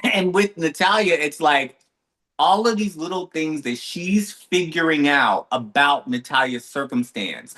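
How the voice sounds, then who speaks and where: A man co-hosting a podcast, telling a story in lively, casual chat with quick asides. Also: mid-range voice. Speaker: podcast co-host.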